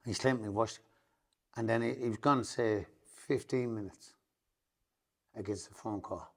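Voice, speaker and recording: Slow and lowish-voiced, with long pauses, this middle-aged Irish Traveller man tells a long, emotional tale as a podcast guest. He rambles and keeps repeating oaths that it's the truth.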